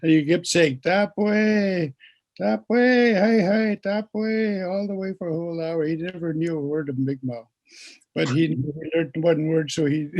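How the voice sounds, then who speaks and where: A man speaking as a guest speaker, telling stories in a gentle teaching way and having listeners repeat words after him. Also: a little high, breathy edge. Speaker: guest speaker and pipe keeper. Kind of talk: storytelling teaching talk.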